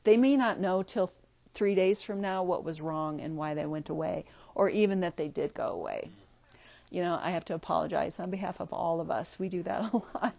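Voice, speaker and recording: A woman leading a group workshop, talking haltingly with many fillers and frequent laughs. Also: lowish voice, gravelly, a little mellow. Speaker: workshop leader. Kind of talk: group discussion, teaching.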